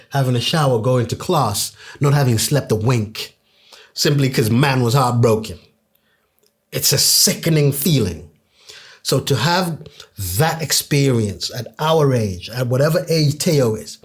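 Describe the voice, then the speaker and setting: A man's voice: medium pitch, husky. A young man hosting a podcast, talking in an earnest, conversational way and acting out what his friends said. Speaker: podcast host. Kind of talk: casual podcast monologue.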